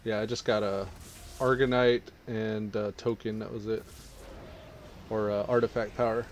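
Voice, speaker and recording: A man's voice: lowish voice, level tone, moderate pace, a little hiss or hum. A man casually talking through his online game session, chatting and thinking aloud as he plays. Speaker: gaming streamer. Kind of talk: casual gameplay commentary.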